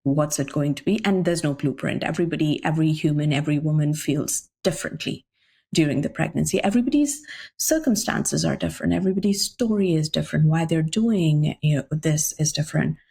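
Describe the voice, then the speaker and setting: A pregnant woman from India, a guest on a podcast, telling stories in a lively way and acting out her own past remarks. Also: low voice, brisk, creaky, slightly rough. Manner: animated storyteller, often acting out remarks she once made. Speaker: guest entrepreneur. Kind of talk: casual podcast chat.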